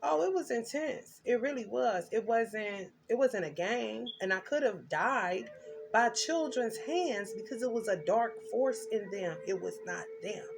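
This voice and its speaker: A woman's voice: fairly high pitch, lively intonation, a little slow, creaky, music in the background. A woman doing a tarot reading, telling her story intensely and emphatically with blunt slang. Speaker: tarot reader.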